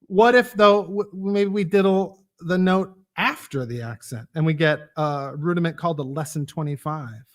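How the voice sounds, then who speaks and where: A drum instructor gives a casual live online lesson, explaining rudiments and counting off exercises as he plays. His fairly high voice moves at a moderate pace with few pauses, over loud drumming and clicks.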